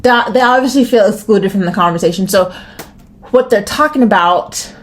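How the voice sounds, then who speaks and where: A medium-pitched American woman rants at a moderate pace on her solo podcast, which she hosts. The delivery is rambling and profane, peppered with restarts and a constant stream of "like."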